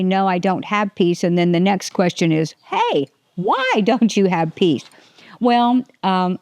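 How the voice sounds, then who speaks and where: A woman's voice: lowish voice, darkish tone, smooth, no echo, studio quality. An older woman hosting a casual faith podcast, rambling and restarting her sentences, often laughing. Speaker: podcast host.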